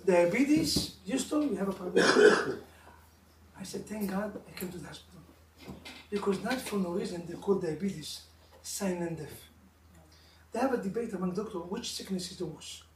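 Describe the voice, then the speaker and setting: A middle-aged rabbi with an Israeli accent tells stories to a couples class in lively, broken English, often mimicking other people's voices. He sits some way from the mic in an echoey room, with a faint hiss of noise behind him. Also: high voice, moderate pace, recorded from a distance. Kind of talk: informal religious class with stories. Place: room of a live-streamed class.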